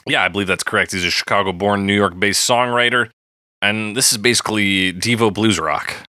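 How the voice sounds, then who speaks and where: A man's voice: fairly low pitch, fairly quick, no echo, studio quality. A man co-hosting a music review podcast, chatting casually with lots of fillers. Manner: relaxed, chatty, many fillers. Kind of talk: casual chat.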